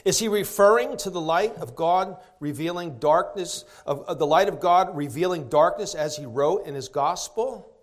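Guy preaching a sermon, fairly high voice, asks the room questions, hits words slow and hard. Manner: emphatic, slows down to stress key words; rhetorical questions to the congregation. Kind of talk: expository sermon.

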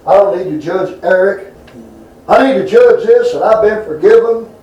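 A man's voice: high voice, normal speed, mellow, distant mic, highs cut off. A middle-aged man preaching a folksy sermon to a responsive congregation. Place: church sanctuary. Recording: echoey church room.

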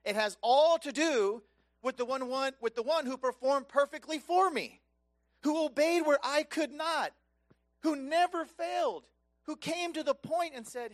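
Preacher guy, casual asides then big loud build-ups, drops way down soft. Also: unhurried. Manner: impassioned, swings from loud emphatic peaks to soft hushed lows. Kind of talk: sermon.

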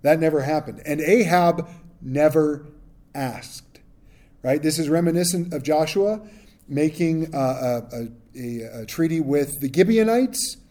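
A man's voice: a little high, lively intonation, moderate pace, mellow. A man preaching a sermon, reading scripture aloud and breaking in with casual, joking asides to the congregation. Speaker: pastor. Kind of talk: conversational Bible teaching.

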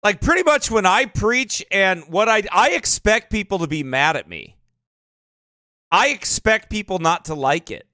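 High, lively, emphatic male pastor. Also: measured pace, no echo, clean studio sound. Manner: emphatic, repeats tag questions. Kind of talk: sermon-style commentary.

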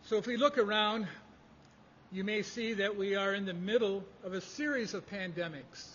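A man preaching a sermon, measured and emphatic in delivery. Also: sits high, a bit bright, a little hiss or hum. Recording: dull lo-fi audio in a reverberant hall.

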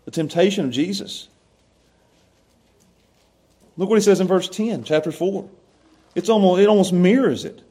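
A man preaching a sermon as pastor, animated, swinging from loud to hushed and laughing often. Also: sits high, fairly quick.

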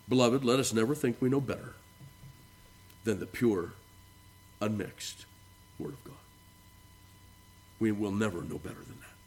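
Earnest preacher, rising then falling soft. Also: male voice, medium pitch. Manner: earnest preaching, rising for emphasis and dropping soft at phrase ends; reads scripture in a rising, declaiming voice. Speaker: pastor. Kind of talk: sermon.

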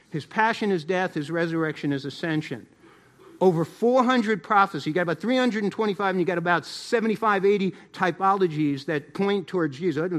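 High-voiced preacher swinging loud to low. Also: male voice. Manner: rising to emphatic declarations, then dropping low and slow. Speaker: pastor. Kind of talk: sermon.

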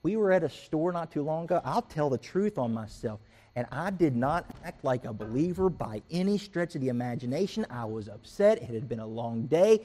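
A man preaches from the pulpit, his voice sitting a little high for a man. He tells everyday stories with animation, dropping low and quiet for asides and jumping up loud when he acts out his own frustration. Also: normal speed. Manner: animated storytelling, acts out quoted voices and rants. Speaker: pastor. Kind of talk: sermon.

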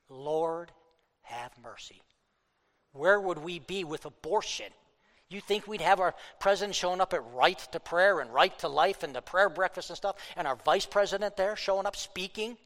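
A man preaching a fiery political sermon, worked up, swinging between loud outbursts and low asides. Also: normal speed, long reverb tail.

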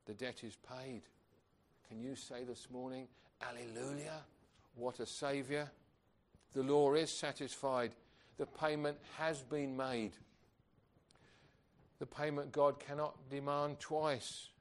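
A man's voice: mid-range voice, fairly even intonation, takes it slowly. A man preaching a sermon, earnest and emphatic, asking rhetorical questions of his congregation.

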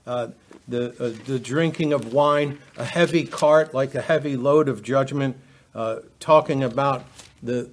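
Halting man teaching scripture. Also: on the high side. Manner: halting, many fillers and restarts. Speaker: preacher. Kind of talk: expository Bible teaching.

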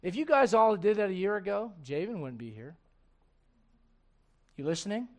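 Middle-aged guy preaching, high voice, acts out the quotes, laughs at his own jokes. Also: very animated, moderate pace. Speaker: pastor. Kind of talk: sermon.

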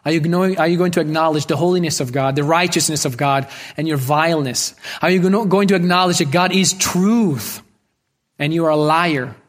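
Earnest preacher man, fairly high voice. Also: brisk. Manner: earnest, repeats phrases for emphasis. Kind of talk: sermon.

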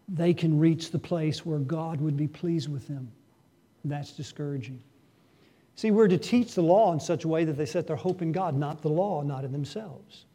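A pastor delivers an earnest sermon, putting rhetorical questions to his congregation and abruptly raising his voice for emphasis. His voice is fairly high in pitch but dark in tone.

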